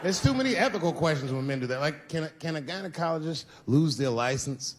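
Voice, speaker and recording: Recorded in a roomy venue with noise and long reverb, a man performs stand-up storytelling, chatting through tales and acting out the people in them. He's a fast talker, animated, with a voice on the high side.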